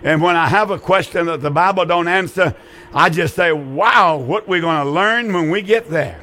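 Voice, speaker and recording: A man's voice: on the high side, normal speed, bright, forceful tone, soft background music. An older man hosting a call-in Bible radio show, earnest and folksy, often repeating his phrases for emphasis.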